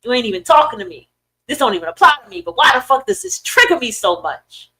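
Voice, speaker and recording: Profane, animated woman ranting. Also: fairly high pitch, quick pace, poor audio. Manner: profane, emphatic, swings loud and animated. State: dry throat. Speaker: podcast host. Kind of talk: casual ranting commentary.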